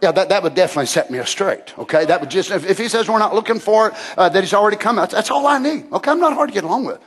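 High-voiced fervent preacher. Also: male voice, expressive, rapid-fire, husky. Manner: fervent, rising to shouts. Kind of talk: sermon.

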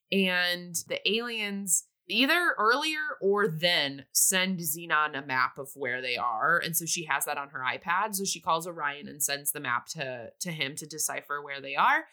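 A woman's voice: low-pitched, expressive, unhurried, sharp tone. A woman casually recapping a movie plot in a chatty way, sometimes briefly acting out the characters' lines.

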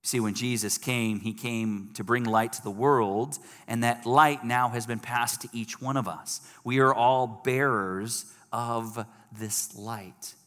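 A man's voice: mid-range voice, steady tone, slow pace, hardly any pauses, a bit bright. A man preaching a sermon in a big hall, his voice carrying a long reverb tail. He talks with animation and breaks into raised voices when he acts out what people say.

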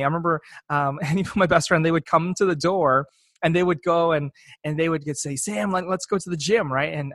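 Young male, personal testimony, earnest and reflective, slightly higher voice, dry sound. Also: fairly bright tone, dry recording. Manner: earnest, reflective, repeats words when emotional. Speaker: speaker sharing a faith testimony.

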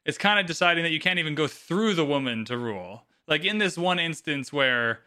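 A man's voice: a little high, expressive, a little fast, pushed and bright. A man co-hosting a podcast, talking casually and swearing freely as he gives his opinions. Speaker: podcast co-host.

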